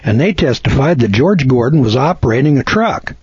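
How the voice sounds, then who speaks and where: A folksy seminar speaker, a man who tells his story in plain, emphatic talk. His voice is husky and a little breathy. The sound is dry and dull, like an old lo-fi tape. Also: mid-range voice, very animated, fairly quick, darkish tone, no echo. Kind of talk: storytelling lecture. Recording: dull lo-fi recording.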